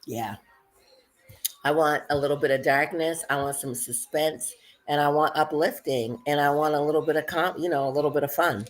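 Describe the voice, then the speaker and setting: A woman's voice: low voice, moderate pace. A woman co-hosting a casual livestream, joking around and answering questions in short lists.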